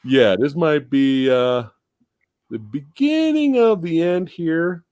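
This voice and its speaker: Brief: excitable male live-stream host, swings up and down in pitch, dry close sound. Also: takes it slowly, smooth, no echo. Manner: animated, profane, laughs often. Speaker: podcast host. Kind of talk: casual live-stream movie chat.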